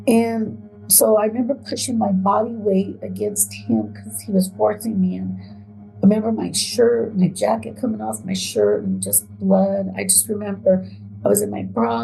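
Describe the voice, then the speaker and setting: Woman telling her story, hesitant, lots of restarts, raspy low-lit tone. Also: mellow, rough recording. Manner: halting, hesitant, with fillers and repeats. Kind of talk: emotional first-person account.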